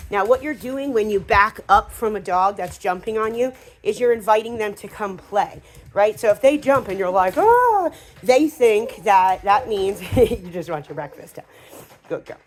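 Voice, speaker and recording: A woman dog trainer talking casually through a hands-on training demonstration, with fillers and quick asides to the dog. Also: mid-range voice.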